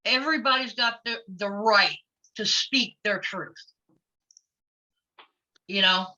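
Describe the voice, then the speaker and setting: Blunt, bright-voiced woman, lo-fi recording. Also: mid-range voice, takes it slowly. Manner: outspoken and blunt, laughs easily. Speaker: guest, former wrestler. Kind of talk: casual interview chat. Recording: lo-fi audio.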